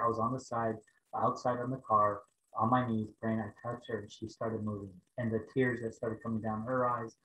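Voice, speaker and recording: A man preaching over a video call, telling a personal story in an animated way and raising his voice for the prayers. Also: lowish voice, reverberant, slight background noise, low-quality recording. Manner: animated storytelling, rising to loud exclaims when acting out prayers. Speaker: pastor.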